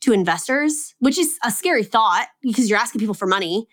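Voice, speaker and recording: A woman's voice: a little high, expressive, a little fast, fairly bright tone. A young adult woman co-hosting a podcast, talking in a casual, rambling way full of filler words. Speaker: podcast co-host. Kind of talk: casual chat.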